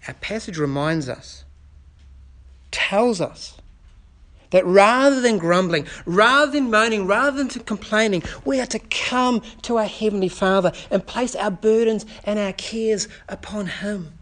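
A man's voice: high-pitched, measured pace, a bit bright. Earnest man preaching a sermon. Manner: earnest, builds through repeated rhetorical questions. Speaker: pastor. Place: church service.

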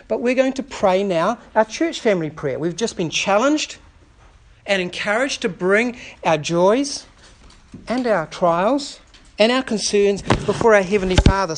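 A man's voice: sits high, a little hiss or hum. Earnest man preaching a sermon. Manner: earnest, builds through repeated rhetorical questions. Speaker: pastor. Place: church service.

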